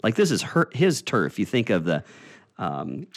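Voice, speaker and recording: A man teaching a Bible study in a conversational, explaining way, often pausing with "uh" and restarting phrases. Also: fairly low pitch, wildly swooping pitch.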